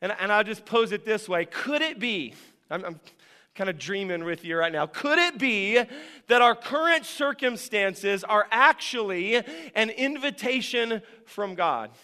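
A man preaching a sermon as a pastor in a church, conversational and animated, often asking the congregation questions. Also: sits high, a little slow, clear, resonant tone, big-room sound. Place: church sanctuary.

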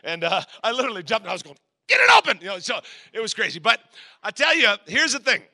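A man in his forties, a pastor telling a story in a sermon, acting out voices with sudden shouts. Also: high-pitched, expressive, fast.

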